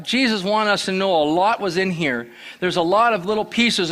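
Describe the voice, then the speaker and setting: A man's voice: high-pitched, pushed and bright. A man giving a church sermon as guest preacher, telling plain stories with restarts and repeated words. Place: church sanctuary.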